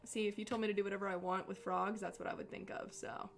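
A woman's voice: medium pitch, little pitch movement, quick pace. A young woman chatting casually with her livestream audience as an artist, bubbly and full of "like" fillers. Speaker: artist streaming to chat.

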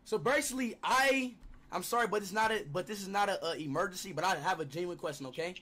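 A man's voice: high voice, quick pace. A young man making a prank phone call in a playful, mock-earnest way, speaking into a streaming mic at his desk. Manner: playful, mock-earnest, bursts into fake panicked yelling.

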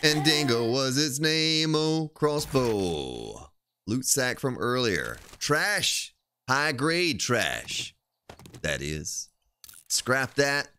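A man's voice: mid-range voice, bright, forceful tone, a little hiss or hum. A man streaming a survival game live, chatting casually and playfully joking with his chat while he plays.

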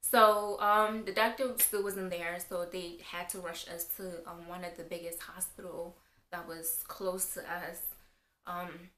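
A woman's voice: fairly low pitch, flat delivery, unhurried, bright, forceful tone, slight background noise. A young woman vlogger telling a personal story in a rambling way, with lots of fillers. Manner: rambling, filler-heavy retelling. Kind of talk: casual storytime. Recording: roomy echo.

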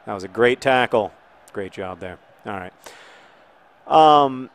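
A man in his thirties talks loosely over a football video game, circling back on himself with fillers and restarts. His voice sits at an average pitch, and he now and then jumps into excited shouts at the play. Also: dry recording. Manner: rambling, halting, many fillers and restarts; bursts into excited outcries at the game. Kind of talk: casual talk over gameplay.

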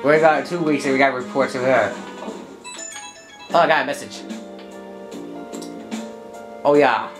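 A woman with a notably low voice chats casually as she plays through a video game. She stumbles and restarts her words often, and game music runs underneath. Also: a little slow, pauses often, roomy sound. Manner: chatty, stumbling over her words, reading game lines aloud. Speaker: gameplay commentator. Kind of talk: casual let's-play commentary.

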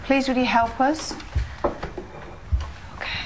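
A woman hosting a live ghost hunt, leading a séance in an excitable manner that often drops to a whisper. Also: sits high, slow pace, a little hiss or hum. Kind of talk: live paranormal investigation.

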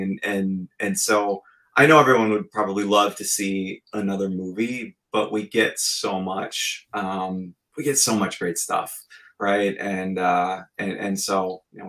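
A man in his forties with a low, gravelly voice, chatting on a podcast. He speaks earnestly and reflectively, working through his thoughts as he goes. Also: a bit bright, low-quality recording. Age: 40s. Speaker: podcast guest co-host. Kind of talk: casual podcast chat.

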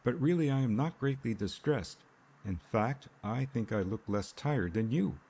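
A man reading the part of a young woman in an audiobook, giving her a soft, gently reproving manner. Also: mid-range voice, lively intonation, unhurried, slightly rough, voice pushed up. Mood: concerned. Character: young woman, composed yet caring fiancée.

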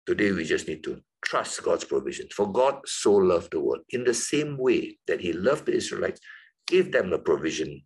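Male Bible teacher, husky voice, very lively pitch, emphatic classroom delivery. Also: moderate pace, rough recording. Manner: lively, emphatic, rising high on key words.

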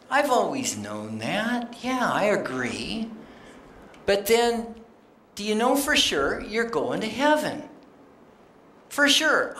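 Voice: mid-range voice, bright, forceful tone. A guest speaker giving a conversational sermon in a church sanctuary, plainspoken and quoting scripture, talking straight to the congregation. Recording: roomy church acoustics.

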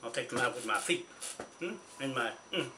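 Bright-voiced angry New man ranting. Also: mid-range voice, animated, a little fast, a little hiss or hum. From New Zealand. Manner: confrontational, scolding, repetitive. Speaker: vlogger. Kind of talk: angry rant to camera.

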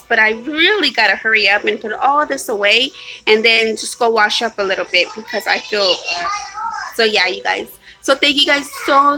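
A woman with a bright, slightly high voice chats on a home live stream about her shopping haul. She keeps apologizing and rambles, stopping and restarting her sentences with plenty of ums. It sounds like a phone or webcam mic at home. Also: low-quality recording. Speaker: vlogger. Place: at home, hot room.

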